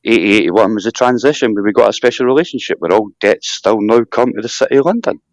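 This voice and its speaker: A Scottish man hosting a casual live chat, talking in an animated, rambling rant with mocking asides. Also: lowish voice, quick pace, no echo. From Scotland. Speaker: live stream host.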